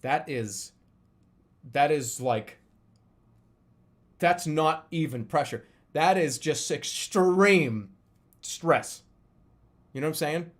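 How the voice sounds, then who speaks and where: Streamer, male, 30s: lively pitch, slightly higher voice, profane rambling chat, faint room ambience. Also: takes it slowly, long pauses. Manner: rambling, profane, animated storytelling. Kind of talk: casual live-stream chat.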